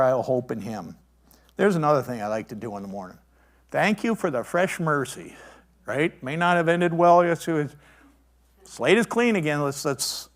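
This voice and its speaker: A man preaching a sermon in an animated way, with incredulous asides and stammering restarts. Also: mid-range voice. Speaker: pastor.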